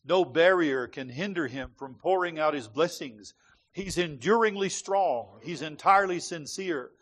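A man's voice: fairly high pitch, unhurried, fairly bright tone. A man preaching a sermon to a congregation with a rhythmic, emphatic cadence.

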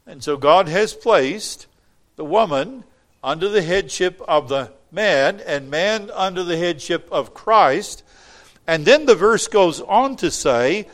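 A man's voice: sits high, expressive, slow. A man preaching a sermon, reading scripture aloud and explaining it with wry asides to the congregation.

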